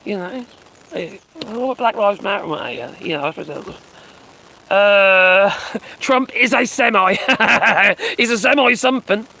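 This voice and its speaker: High-voiced man mocking a speech live. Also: measured pace, gravelly, bright, forceful tone, low-quality recording. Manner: sarcastic and mocking, swears and chuckles. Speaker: live streamer commenting on a speech. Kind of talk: casual live-stream commentary. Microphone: phone.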